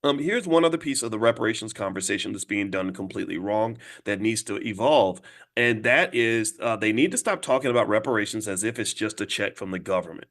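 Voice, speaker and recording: A man giving a fast political commentary monologue, speaking straight to his listeners with emphatic stops and restarts, his voice jumping up sharply to make a point. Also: fairly bright tone. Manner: emphatic, restarts words, pitch jumps high when making points; addresses listeners directly, asks them to respond. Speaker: commentator and host.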